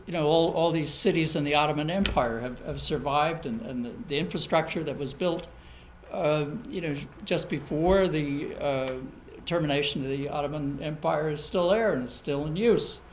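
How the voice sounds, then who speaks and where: A man, a village trustee, speaking haltingly with many fillers at a public budget meeting. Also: on the high side, a little hiss or hum, low-quality recording. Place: council meeting room.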